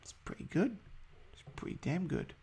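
A man's voice: high voice, wildly swooping pitch, moderate pace, vocal fry, a little mellow, husky. A man giving casual, hesitant commentary over a football management game, full of ums and uhs. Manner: chatty, hesitant, many ums. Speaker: gaming video host.

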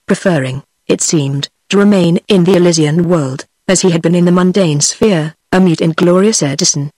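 A text-to-speech voice with a British English accent, set as a woman, narrating an audiobook in a steady, even reading. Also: lowish voice, no room sound. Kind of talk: scripted narration.

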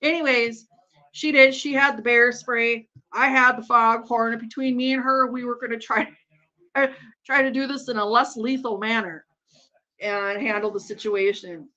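A woman's voice: on the high side, steady tone, normal speed, sharp tone. A woman hosting a live stream, chatting casually and rambling, laughing often and swearing freely. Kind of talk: casual chat while watching a game. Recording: dull lo-fi sound.

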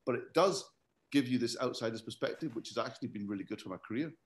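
A man from Scotland, born in London, with a Scottish accent touched by English, chatting as a comedian guest and telling animated stories with frequent laughs. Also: medium pitch, fast. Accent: Scottish with an English tinge. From born in London, raised in Scotland. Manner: animated storyteller, laughs often. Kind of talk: casual podcast chat.

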